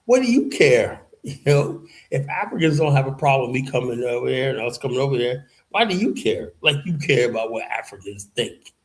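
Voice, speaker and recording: A man's voice: medium pitch, big pitch swings, brisk, few pauses, low-quality recording. A man hosting his own commentary channel, ranting heatedly and mocking the people he argues against with sarcastic quotes. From United States. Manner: heated, sarcastic, mocks opponents in put-on quotes. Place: in Liberia, West Africa.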